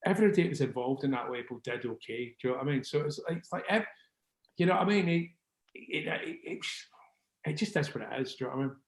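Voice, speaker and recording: Fast and mid-range, this Scottish interviewee in his sixties, founder of a record label, rambles and curses through a casual chat. He keeps asking "do you know what I mean," and the sound is roomy.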